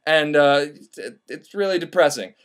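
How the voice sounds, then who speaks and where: A man's voice: on the high side, animated, moderate pace, smooth. A young man retelling a classic novel as casual comedy, rambling and profane, with lots of fillers. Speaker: host.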